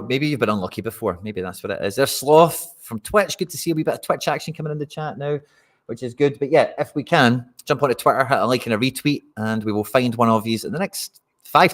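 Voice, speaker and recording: A Scottish man hosting a live fantasy football stream, chatting casually and talking straight to his viewers. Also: medium pitch. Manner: chatty, addresses viewers directly.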